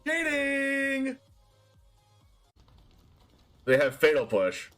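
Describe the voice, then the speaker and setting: A man streaming a card game, reacting out loud to every play. His voice sits very high and swings widely, he drags his words out slowly, and he keeps breaking into excited yelps and shouts. Faint music plays behind him. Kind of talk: excited live gameplay commentary.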